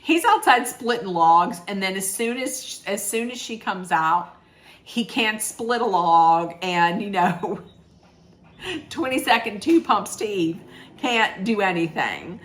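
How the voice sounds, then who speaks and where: A woman's voice: medium pitch, animated, slow pace, fairly bright tone. A woman recapping a reality show in a chatty, sarcastic way, with laughing asides. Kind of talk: casual chat recap.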